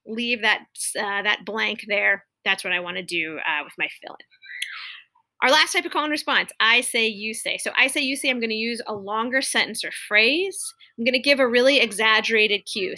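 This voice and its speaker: Bright-voiced woman modeling teaching cues. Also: a little high, fairly quick. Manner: clear, exaggerated call-and-response cues to imagined students. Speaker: teacher coach modeling classroom techniques. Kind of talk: instructional demonstration.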